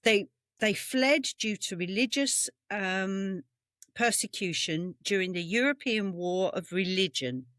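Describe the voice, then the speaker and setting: This podcast co-host, an Englishwoman with a British accent, has a medium-pitched, slightly bright voice and an unhurried delivery. She recounts history tales in a meandering, self-correcting, casual chat over a video call from a home room. Her webcam mic yields studio-quality sound with no room sound.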